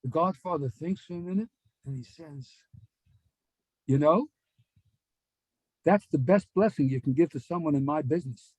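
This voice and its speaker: Rabbi, high voice, lively storyteller, dry close recording. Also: male voice, normal speed, pauses often, husky, dry recording, low-quality recording. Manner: animated storyteller, acts out dialogue. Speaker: rabbi giving a Torah class. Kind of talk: storytelling Torah lecture.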